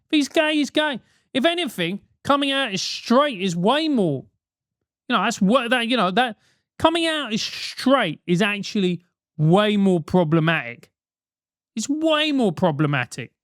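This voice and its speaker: A man's voice: high voice, very animated, unhurried, a bit bright, dry recording, studio quality. A British man hosting a comic advice show, talking bluntly with lots of swearing and mockery. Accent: British English. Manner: profane, blunt, mocking.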